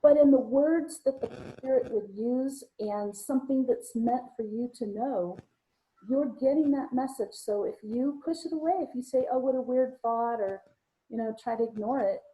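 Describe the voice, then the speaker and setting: A woman with a fairly high but mellow voice chats on a video call. She tells anecdotes in a casual, easygoing way and laughs readily. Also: highs cut off. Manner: chatty storytelling, quick to laugh. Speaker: psychic medium co-host.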